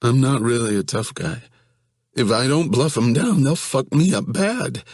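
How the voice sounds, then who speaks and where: A man voicing a scared young man who whines and pleads in a husky voice pushed high. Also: expressive, measured pace, no room sound, studio quality. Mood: panicked. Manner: pleading, whining, voice cracking high.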